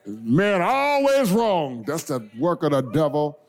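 Man, bishop, sermon, call-and-response, folksy, shouted climaxes, lively pitch. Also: slow. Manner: call-and-response preaching, swings from soft asides to shouted climaxes; folksy, addresses the congregation as y'all and baby. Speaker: bishop preaching. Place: church sanctuary before a congregation.

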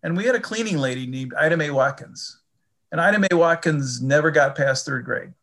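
Gravelly older man, reflective and halting. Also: a little high, expressive, fairly bright tone. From Chicago area. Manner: reflective, halting, repeats words. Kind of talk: casual faith conversation.

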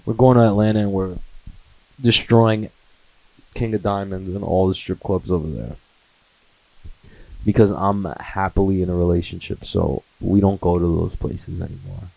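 A man in his twenties riffing through a casual comedy monologue. He swears freely, laughs often and slides into mocking impressions. His voice is low and mellow, and it sounds close and dry. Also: fairly even intonation, moderate pace, creaky, long pauses, no room sound, low-quality recording. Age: 20s. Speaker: comedy podcast host.

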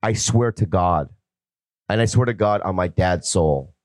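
A man's voice: sits low, measured pace, dry recording. A man appearing as a guest comedian, talking in a blunt, rambling and provocative way in casual podcast banter.

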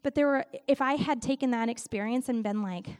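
A middle-aged woman giving a conversational sermon, telling stories in an animated way with frequent laughs. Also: a little high, fairly quick. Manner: animated storytelling, laughs often. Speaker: Christian speaker and worship leader.

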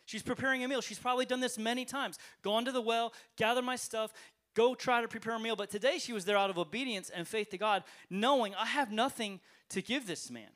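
High-voiced man preaching a sermon. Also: fairly even intonation, fast. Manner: conversational, talks straight to the congregation with rhetorical questions; swings between loud emphatic lines and quiet low ones. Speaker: pastor. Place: church service, streamed online.

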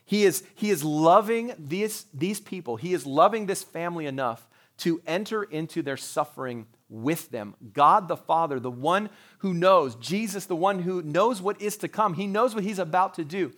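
A man's voice: high voice, expressive, moderate pace, hardly any pauses, fairly bright tone. A man who is a pastor, preaching a sermon in a conversational way, with rhetorical questions and joking asides.

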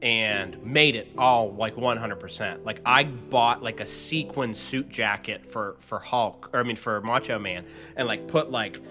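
A young man from the Pittsburgh area chatting casually, telling an animated story full of fillers and swearing. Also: on the low side, measured pace, over music. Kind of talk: casual podcast chat.

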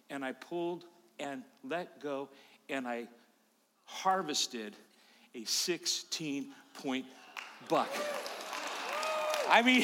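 A man preaching a sermon, telling a story in an animated, jokey way in a church. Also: high voice, a little hiss or hum. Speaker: pastor. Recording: long church reverb.

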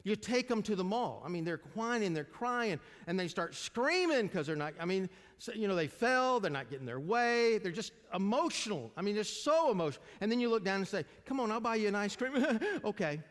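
An older pastor preaches to his congregation in a folksy, conversational style, asking them questions along the way. His high voice is sing-song, moving at normal speed with few pauses, and the large hall gives it a long reverb.

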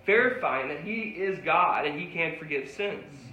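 A man's voice: fairly high pitch, lively intonation, measured pace, sharp tone, reverberant, highs cut off. A man preaching a sermon as a pastor, conversational and rising to emphatic peaks.

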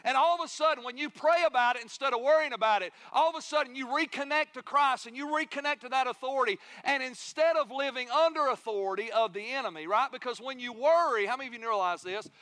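High, bright-voiced man preaching. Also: quick pace, few pauses, no echo. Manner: preaching with rising intensity and soft hushed asides. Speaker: pastor. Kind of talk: sermon.

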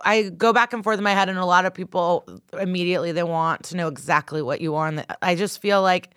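A woman's voice: on the low side, steady tone, quick pace, a bit bright, smooth, dry recording, studio quality. A young woman answering interview questions, hesitant, with many fillers and frequent laughs. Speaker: guest. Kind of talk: casual interview chat.

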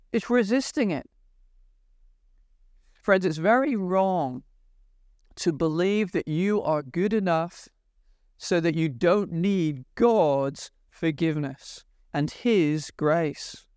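Slow, clear-voiced man preaching. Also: sits high, lively intonation, darkish tone, dry recording, clean studio sound. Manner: earnest, pleading appeals to listeners; retells scripture with emphatic pauses. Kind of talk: sermon.

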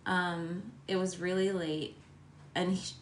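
Chill woman podcast host, kinda low voice, lots of ums, echoey room. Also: flat delivery, slow. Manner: laid-back, filler-heavy, giggly. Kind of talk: casual chat, reading ghost stories aloud.

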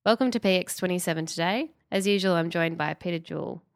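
A woman hosting a podcast, hoarse and nasal from a cold, reading a formal introduction. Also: lowish voice, fast. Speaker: podcast host. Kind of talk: scripted introduction.

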